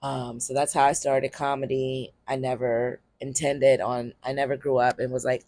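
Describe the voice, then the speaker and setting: A woman's voice: extremely low pitch, flat delivery, normal speed, hardly any pauses, darkish tone, no echo. A woman from Pennsylvania, a comedian hosting her own podcast, talking candidly in a loose, rambling way, full of ums and casual cursing. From Harrisburg, Pennsylvania, US. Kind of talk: casual solo podcast monologue.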